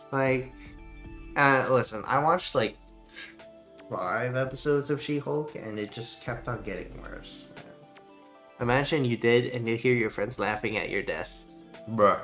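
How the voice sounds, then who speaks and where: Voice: mid-range voice, animated, measured pace, fairly bright tone, faint music behind. A streamer chatting casually while gaming, ranting in a rambling, profane way.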